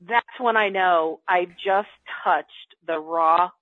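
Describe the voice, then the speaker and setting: A woman's voice: lowish voice, takes it slowly, dry recording. A woman coach in an earnest, conversational self-help talk, sometimes acting out her own inner dialogue. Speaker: coach working with clients. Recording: tinny phone-like line, dry.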